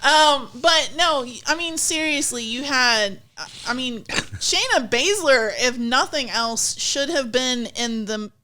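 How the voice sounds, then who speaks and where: Bright, high-voiced woman ranting. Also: lively intonation, slow pace, hardly any pauses, a little hiss or hum. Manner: blunt, exasperated ranting. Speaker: podcast co-host. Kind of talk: casual wrestling chat.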